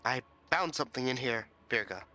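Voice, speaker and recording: A man's voice: medium pitch, animated, fairly quick, bright, forceful tone. A man playing a tabletop role-playing game, chatty and asking about the rules. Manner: chatty, asks rules questions. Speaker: player. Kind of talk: casual tabletop play.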